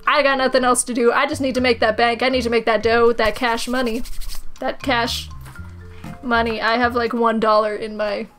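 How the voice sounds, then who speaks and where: High-voiced sarcastic woman gamer. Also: normal speed, faint music behind. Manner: animated and sarcastic, swings into high squeals and swearing. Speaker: gaming commentator. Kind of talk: let's play commentary.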